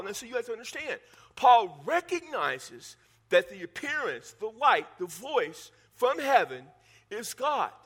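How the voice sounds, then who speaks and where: A man preaching a sermon, animated and emphatic, driving points home with repetition. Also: high voice. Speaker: pastor.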